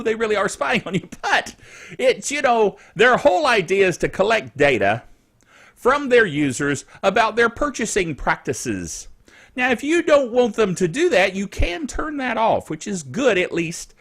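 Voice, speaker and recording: High, lively chatty man. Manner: chatty, rambling, chuckling asides. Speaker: tech news host. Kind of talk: casual tech news chat.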